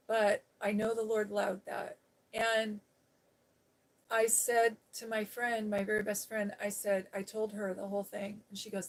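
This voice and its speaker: A woman hosting a live stream, talking casually and rambling through a personal story, quoting other people as she goes. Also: medium pitch. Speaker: ASMR channel host. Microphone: seated on a day bed, live stream.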